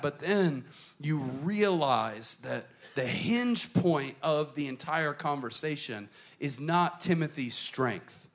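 A man preaching a sermon to a church congregation, emphatic and dramatic, switching between quick runs and slow, stressed phrases. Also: a little high, animated, fairly bright tone. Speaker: pastor.

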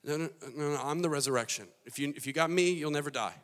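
Preacher putting on an impatient, emphatic man, bright-toned, in a reverberant hall. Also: on the high side, fast talker, voice pushed up, close to an everyday voice. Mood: insistent. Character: exasperated man pressing his point.

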